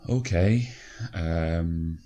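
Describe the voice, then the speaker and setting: Man, young adult, very deep voice, excitable game commentary, swears, urges players on. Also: drawn-out words. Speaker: gaming video creator.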